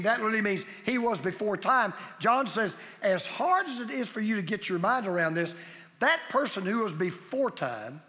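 Emphatic high-voiced preacher in a reverberant hall. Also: male voice, bright, forceful tone. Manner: emphatic, repetitive preaching cadence. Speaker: pastor. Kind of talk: sermon.

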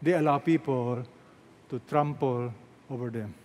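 A pastor with a Filipino accent preaches in a large church hall, his medium-pitched, slightly mellow voice keeping a measured pace. Emphatic, he repeats phrases and fires rhetorical questions at the congregation. The large hall produces a long reverb on the recording.

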